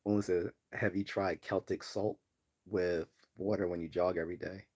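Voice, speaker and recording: A man's voice: deep voice, steady tone, moderate pace, darkish tone, husky. A man from Baltimore hosting a casual livestream, reading chat comments aloud and rambling with many fillers and restarts. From Baltimore, US East Coast. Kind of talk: casual live-stream chat.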